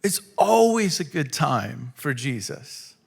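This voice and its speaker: A man preaching a sermon in a church, acting out quotes and swinging from loud to hushed. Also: a little high, very animated, slow, creaky, husky. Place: church hall.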